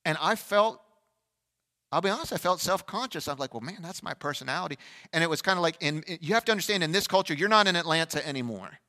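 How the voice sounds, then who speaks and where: A man preaching an energetic Easter sermon as pastor, shifting between loud fervent bursts and quiet, reflective asides. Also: fairly high pitch, fast talker. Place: large church sanctuary. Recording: long church hall reverb.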